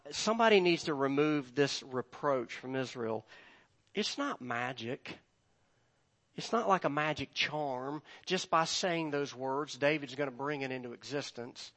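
Guy preaching a sermon, takes his time, gets loud and emphatic on the scripture bits. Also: a little high. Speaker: pastor.

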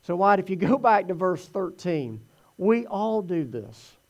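A man giving a conversational sermon, telling the Gospel story in an animated way. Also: sits high, unhurried, muffled recording. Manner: animated storytelling, acts out voices in quotes. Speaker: preacher teaching from the Gospels.

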